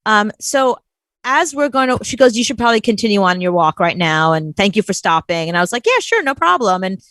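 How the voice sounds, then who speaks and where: A woman's voice: mid-range voice, brisk, no room sound. A woman co-hosting a show, telling a story in casual chat and acting out the people she quotes. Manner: animated, acts out quoted voices. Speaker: co-host.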